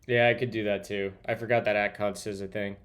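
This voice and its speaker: A man's voice: on the low side, level tone, brisk, a bit bright. A man streaming live as he codes, thinking aloud and muttering to himself as he types. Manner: muttering to himself while typing. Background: keyboard typing.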